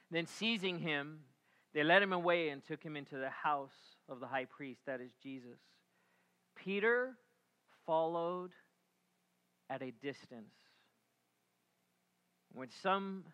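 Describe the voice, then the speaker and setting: Delivering a sermon, a middle-aged male pastor with a fairly high pitch narrates a story energetically, performing the characters' voices. Afterward his tone falls to something hushed and reflective.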